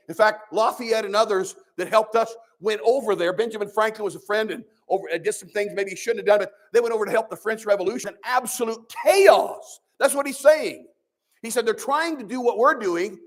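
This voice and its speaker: A man, a pastor, teaching a Sunday school sermon in a preachy, conversational way with sarcastic asides. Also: high-pitched.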